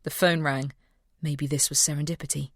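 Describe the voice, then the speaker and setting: A woman reads a mystery novel aloud in steady narration. Her voice sits a little low. The recording is dry and close. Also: normal speed, husky, no echo. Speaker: audiobook narrator. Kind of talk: scripted narration.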